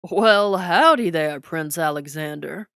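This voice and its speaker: A woman voicing an older male American president with a booming, slightly raspy voice and a Texas twang, in an audiobook. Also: takes it slowly, a bit bright, no echo, clean studio sound, full character voice. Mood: folksy. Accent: Texas twang, put on.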